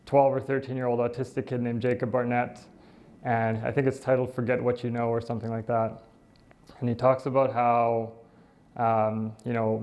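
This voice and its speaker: A man's voice: mid-range voice, a little mellow. A middle-aged man, a dentist, giving a casual presentation, with fillers and asides. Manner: conversational, with fillers, laughs and "right?" asides. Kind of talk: casual talk.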